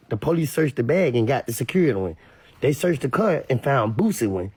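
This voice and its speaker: Louisiana man, blunt emphatic commentator, husky and gravelly, dry close sound. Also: a little high, lively intonation, fairly quick, darkish tone, no room sound. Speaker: online commentator. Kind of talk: casual commentary rant.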